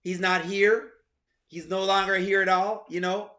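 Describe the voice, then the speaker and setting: A man's voice: sits high, flat delivery, measured pace, roomy sound, voice pushed down. A man doing a woman's voice as she hesitantly hints that her man has moved out. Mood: coy. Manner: hesitant, rambling, soft.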